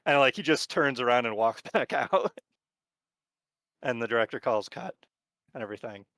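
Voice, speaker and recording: A man narrating as game master of a tabletop horror game, talking in a relaxed, rambling way with lots of fillers. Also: medium pitch, normal speed, dry recording.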